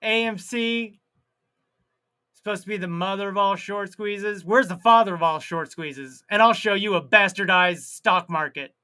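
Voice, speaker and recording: A man with a high-pitched, clean tone chats casually as he hosts a live stream. He reads out viewers' comments and laughs at his own jokes, drawing words out and suddenly getting loud.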